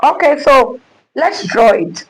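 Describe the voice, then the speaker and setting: A woman's voice: high-pitched, big pitch swings, takes it slowly, rough recording. A woman teaching a music lesson, speaking emphatically, repeating herself and quizzing her listeners.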